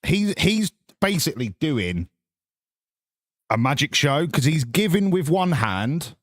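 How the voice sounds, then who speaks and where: A man's voice: mid-range voice, lively intonation, measured pace, dry recording, studio quality. A man streaming a game, chatting casually, swearing and riffing sarcastically while reading chat. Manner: sweary, sarcastic, rambling, reads chat aloud.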